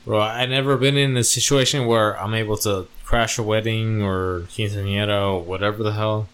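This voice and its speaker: A man in casual podcast chat, thinking out loud in a rambling way and restarting his sentences. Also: lowish voice, steady tone, normal speed. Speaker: podcast co-host.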